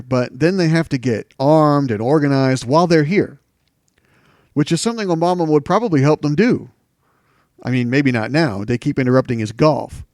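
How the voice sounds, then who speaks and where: A male talk show host speaks with a mocking, scornful edge through sarcastic political commentary. His voice sits at an ordinary middle pitch. The recording is dry and close, with no room sound. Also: a little mellow, dry recording.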